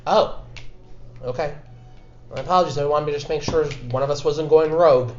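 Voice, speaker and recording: A man voicing a calm, polite male guard captain in a tabletop game, in measured, courteous speech. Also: fairly high pitch, lo-fi sound, soft background music, voice pushed down, close to an everyday voice.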